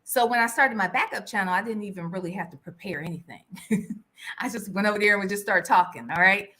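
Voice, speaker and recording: A woman's voice: mid-range voice, fast talker, pushed and bright. A woman hosting a casual livestream, chatting and greeting viewers by name, often ending lines with "all right?" and sometimes dropping to a whisper for asides. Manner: drops into a whisper for gossip asides. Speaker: livestream host.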